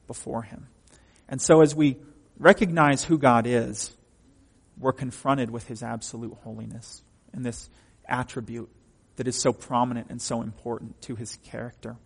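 A man's voice: medium pitch, vocal fry, slightly rough, big-room sound. A man preaching a sermon from the pulpit, emphatic and often asking the congregation questions. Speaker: pastor.

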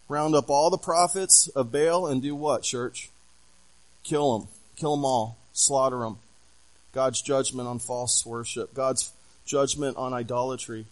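A man's voice: a little high, poor audio. A man pastor preaching a sermon, telling a story with animation and asking the congregation questions.

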